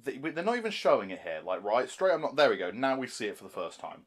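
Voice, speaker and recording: A man's voice: mid-range voice, sing-song, fast. A man giving a rambling, sarcastic film commentary and laughing often. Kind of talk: casual film commentary chat.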